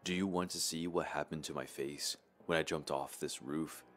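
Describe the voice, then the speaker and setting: A man voicing the ghost of a vengeful dead wife, speaking low, soft and menacing over faint music. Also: fairly even intonation, moderate pace.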